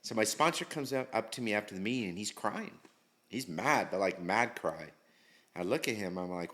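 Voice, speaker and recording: A man's voice: fairly low pitch, expressive, moderate pace, a bit bright. Candid middle-aged man telling his story. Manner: candid, slangy, swears freely. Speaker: interview guest. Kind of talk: casual storytelling.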